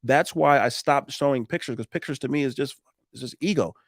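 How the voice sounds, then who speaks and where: A man's voice: medium pitch, brisk, no room sound, clean studio sound. A man, a roofing contractor telling sales stories in a casual interview, acting out both sides of conversations and swearing freely.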